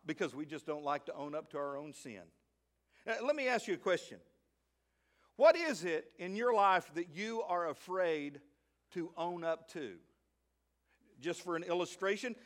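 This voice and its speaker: A middle-aged male pastor preaching a sermon to his church, swinging between loud emphasis and quiet asides, slowing down to read scripture. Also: high-pitched. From Arkansas, USA. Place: church sanctuary.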